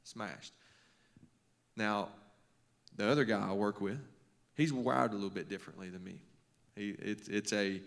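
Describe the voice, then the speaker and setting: Speaking at a moderate pace with long pauses, this middle-aged coach and teacher has a fairly low, gravelly, steady voice. His devotional talk to a men's group is folksy and conversational, riddled with restarts, stammers, and self-deprecating jokes.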